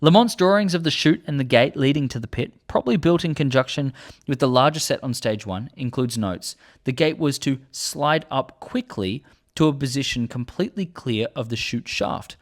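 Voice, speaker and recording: A man's voice: mid-range voice, expressive, moderate pace. Enthusiastic man reading and commenting. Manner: earnest, enthusiastic fan. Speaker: host.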